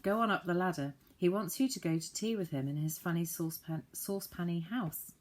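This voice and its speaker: A woman reading aloud voices a friendly magical tree dweller with a round shining face. He speaks calmly and low, close to her own deep reading voice. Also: a little fast, lightly acted.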